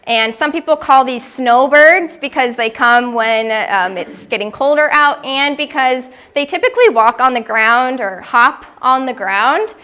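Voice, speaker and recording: A woman's voice: sits high, animated, unhurried, few pauses, pushed and bright, smooth. A woman giving a friendly, chatty talk on birds to a small audience, now and then imitating bird calls. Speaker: birding educator giving a gallery talk. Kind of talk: informal presentation to a small audience. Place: gallery room.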